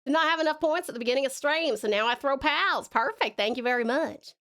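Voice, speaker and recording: A woman with an Australian accent, chatting casually on a live art stream, laughing often and muttering softly as she draws. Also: high-pitched, lively intonation, fast. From Tasmania, Australia. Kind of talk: casual live-stream chat while drawing.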